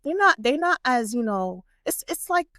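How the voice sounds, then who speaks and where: A young woman hosts a relaxed podcast chat in a fairly high voice. Her pitch swings widely as she tells stories, and the sound is dry and close. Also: normal speed, dry recording. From United States. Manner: lively storyteller who acts out what others said. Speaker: podcast host. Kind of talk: casual conversational interview.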